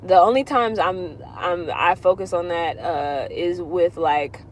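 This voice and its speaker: A woman astrologer does readings on a livestream, answering viewer questions casually in a loose, rambling way that circles around. Her voice is lowish and measured in pace, with slight background noise.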